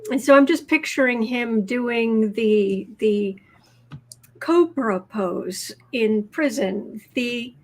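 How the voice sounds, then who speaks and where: High-voiced woman chatting on a livestream. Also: takes it slowly. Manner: chatty, laughs easily, talks with her mouth full. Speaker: tarot reader co-host. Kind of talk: casual livestream chat.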